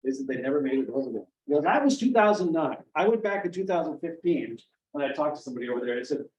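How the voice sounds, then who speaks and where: A middle-aged man from Maine, author of children's books, talks fast in a rather high voice while telling stories to children and families and animatedly playing the voices he quotes. The library event room is heard from far off, dull and echoey, with slight background noise.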